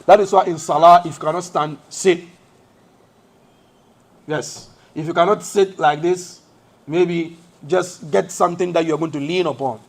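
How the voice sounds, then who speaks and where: Man, mosque study lesson, rather high voice, rhetorical questions, step-by-step teaching. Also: fairly even intonation, measured pace. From West Africa. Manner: asks rhetorical questions and answers them himself; explains step by step, shows hand positions as he speaks. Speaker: Islamic teacher.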